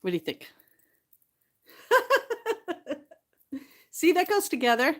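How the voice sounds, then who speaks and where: Woman, home vlogger, higher voice; casual chatty delivery, a bit teary, frequent laughs. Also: wildly swooping pitch, takes it slowly, pauses often. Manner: chatty, laughs often between lines. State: tearful. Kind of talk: casual chat to camera.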